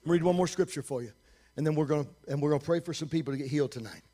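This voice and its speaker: A man preaching a sermon in a church, telling a healing story with animated, often shouted delivery. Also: fairly high pitch. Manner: quick, hushed reading of scripture.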